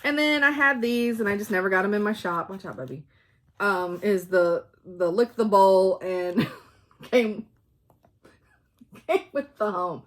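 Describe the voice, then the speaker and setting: A woman's voice: medium pitch, unhurried, fairly bright tone. A woman hosting a casual show-and-tell chat about stitching, laughing often and stopping to talk to her dogs. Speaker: flosstube host.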